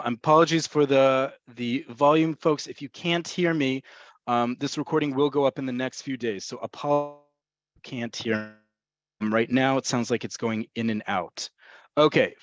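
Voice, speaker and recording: A man's voice: mid-range voice, dry recording. Male webinar teacher with a mid-range voice, patient and explanatory, dull, dry call audio. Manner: explanatory, repeats points, addresses folks. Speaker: Hebrew slang teacher. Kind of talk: webinar lesson. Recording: muffled webinar audio, cutting in and out.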